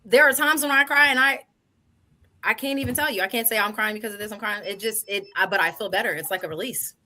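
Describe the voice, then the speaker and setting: A woman's voice: medium pitch, fast talker, sharp tone. A woman on a podcast panel, explaining her side in earnest and repeating herself as she talks. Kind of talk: casual panel debate.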